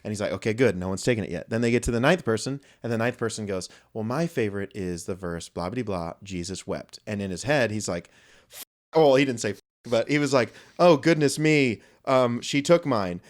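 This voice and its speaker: A man's voice: on the low side, fast. A young adult man co-hosting a podcast, telling a long, rambling anecdote in casual chat with frequent swearing and joking asides. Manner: rambling storyteller, swears freely, jokey asides. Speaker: podcast co-host.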